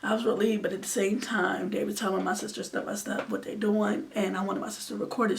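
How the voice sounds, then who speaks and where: Talking quickly with hardly any pauses, a vlogger in her twenties uses a gravelly, mid-range voice with little pitch movement. She tells an emotional storytime earnestly, sometimes dropping to a near-whisper, heard through a distant mic with faint background noise.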